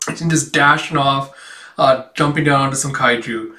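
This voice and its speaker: A man's voice: medium pitch, steady tone, a little fast, pushed and bright. A man casually reading through a manga chapter and commenting, chuckling often and leaning on fillers as he quotes the dialogue. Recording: roomy, a bit distant from mic.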